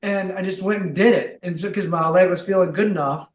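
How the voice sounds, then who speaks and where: A man telling his comeback story as a podcast guest, earnest and full of faith, with bursts of excitement. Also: high voice, a little fast. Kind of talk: casual interview chat. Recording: roomy echo.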